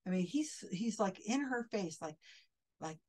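A woman's voice: mid-range voice, animated, measured pace, dark tone, low-quality recording. A woman commenting critically on a video clip as a skeptic, sounding indignant and often restarting her sentences.

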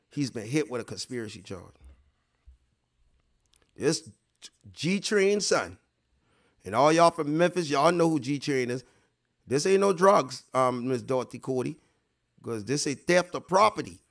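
A man's voice: on the high side, animated, a little slow, creaky, long pauses. A man hosting a casual online livestream, talking straight to his viewers in a rambling, profane way and repeating himself for emphasis. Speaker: online show host.

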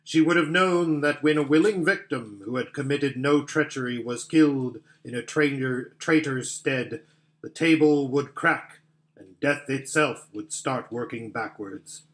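A man voicing a great, noble lion in a storybook reading, with a measured, solemn delivery. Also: mid-range voice, a bit bright, close to an everyday voice. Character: great noble male lion, calm and commanding. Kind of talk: audiobook character voice.

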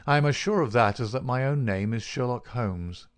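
A male reader giving voice to a calm, commanding detective in a plain mid-pitched voice. His lines come firm and clipped, cool under pressure, with the steady poise of a classic audiobook sleuth. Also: normal speed, clear, resonant tone, dry recording, lightly acted. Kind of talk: audiobook character reading.

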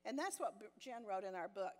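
A woman's voice: medium pitch, big pitch swings, a little fast. An older woman teaching a women's Bible study, telling a personal story with self-deprecating humor and frequent laughs. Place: church meeting hall. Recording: long hall reverb in a church.

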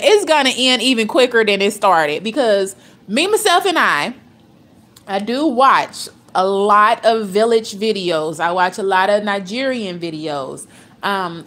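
A woman's voice: mid-range voice, fairly bright tone. A woman giving casual reaction commentary, blunt and profane, laughing often as she gossips. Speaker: reaction vlogger.

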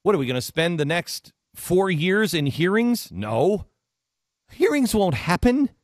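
A man's voice: high voice, very animated, unhurried, no room sound, clean studio sound. A middle-aged male radio host talking politics with passion, hammering the same question again and again. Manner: impassioned, repeats questions. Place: radio studio.

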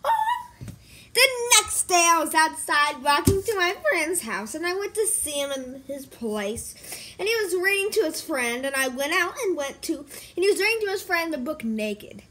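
A woman's voice: high-pitched, animated, normal speed, sharp tone, a little hiss or hum. A woman telling a silly made-up story in a giggly, rambling way, switching between voices. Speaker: vlogger.

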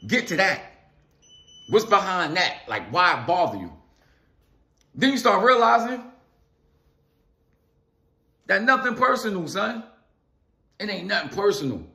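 A man's voice: high-pitched, big pitch swings, unhurried, gravelly, long pauses, pushed and bright. A man vlogging a casual philosophical monologue, repeating phrases for emphasis and calling out to his viewers in loose slang. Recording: echoey room.

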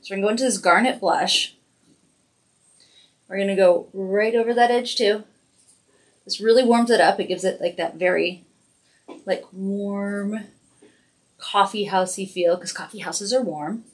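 A woman's voice: mid-range voice, measured pace, long pauses. A woman hosting a casual weekly livestream makeup tutorial, chatty and encouraging as she narrates each step. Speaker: makeup brand host doing a weekly live demo.

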